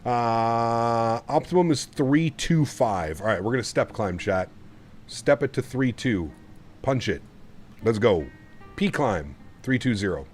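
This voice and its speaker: A man's voice: medium pitch, lively intonation, slow pace, soft background music. A man live-streaming a flight simulator, chatting casually and rambling to his viewers while he flies. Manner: chatty, rambling, laughs often. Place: home sim setup.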